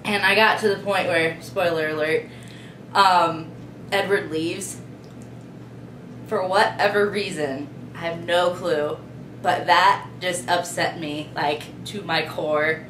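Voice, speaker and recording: A young woman tells a vlog story in a dry, matter-of-fact way. She talks slowly in a lowish voice. The room has an echo and a faint hiss under it. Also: steady tone, fairly bright tone. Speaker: vlog co-host. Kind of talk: casual storytelling. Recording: echoey room with faint noise.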